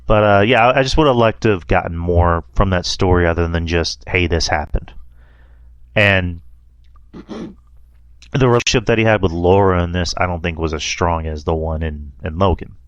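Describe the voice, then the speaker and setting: A man's voice: low voice, moderate pace, clean tone, no room sound, lo-fi sound. A man hosting a casual movie review chat, rambling and laughing often. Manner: rambling, laughs often, quotes lines in a mocking voice. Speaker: podcast host.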